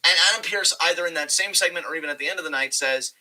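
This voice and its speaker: A man co-hosting a casual wrestling review podcast, talking in an animated, profane and rambling way. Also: a little high, quick pace, hardly any pauses, low-quality recording. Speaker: podcast co-host.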